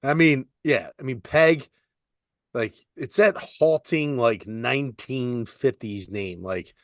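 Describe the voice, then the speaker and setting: A man's voice: slow pace, dry recording, studio quality. A young man co-hosting a podcast in casual chat, telling stories animatedly and acting out voices. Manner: animated storyteller, acts out voices with big pitch jumps. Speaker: podcast co-host.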